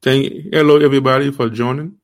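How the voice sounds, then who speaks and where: Guy with an accent preaching on his stream, keeps asking do you know, stumbles and restarts, voice jumps up when he pushes a point. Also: steady tone. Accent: non-native accent. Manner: emphatic, repeated rhetorical questions; halting restarts, rising pitch when stressing. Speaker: host of an online faith series. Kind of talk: livestream preaching.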